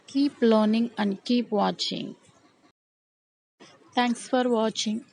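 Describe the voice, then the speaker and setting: Very slow-speaking woman teaching a language. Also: fairly high pitch, steady tone, a little mellow, low-quality recording. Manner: slow, repeats each word twice. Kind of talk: beginner language lesson.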